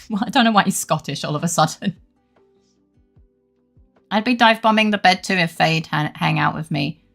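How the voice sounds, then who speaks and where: A woman's voice: lowish voice, normal speed, gravelly, pauses often, a bit bright, faint music behind. A woman chatting casually with her viewers on a live stream, swearing freely and laughing often.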